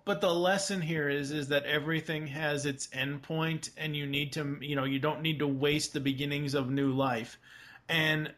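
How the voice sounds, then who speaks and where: A man with a somewhat high voice co-hosts a podcast in loose conversation. He talks in a relaxed, hesitant way, pausing on filler words as he gathers his thoughts. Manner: relaxed, hesitant, many ums. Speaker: podcast co-host. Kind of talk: casual chat.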